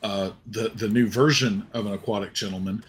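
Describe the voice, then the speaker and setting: A man's voice: on the low side, fairly even intonation, a little fast. A man playing a tabletop game, describing his character's moves hesitantly with many fillers. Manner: hesitant, lots of uhs. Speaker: player.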